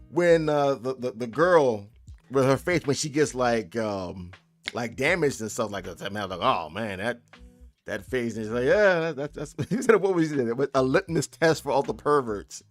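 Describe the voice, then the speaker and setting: A relaxed man talking on a live stream in an easygoing, joking way, reacting to chat and laughing often. His pitch sits in an ordinary middle range. Faint music plays underneath. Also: moderate pace. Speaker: game developer streamer.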